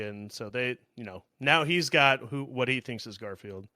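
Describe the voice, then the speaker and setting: Crisp, bright-voiced man in dry chat. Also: medium pitch, normal speed, dry recording. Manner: laid-back, hesitant, trailing into "I don't know". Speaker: podcast co-host. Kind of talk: casual movie recap chat.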